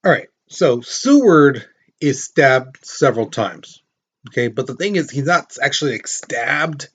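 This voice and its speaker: A man's voice: medium pitch, expressive, measured pace, a bit bright, slightly rough. Casual storytelling history teacher, man. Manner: storytelling with acted-out quotes and questions to students. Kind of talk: casual classroom lecture.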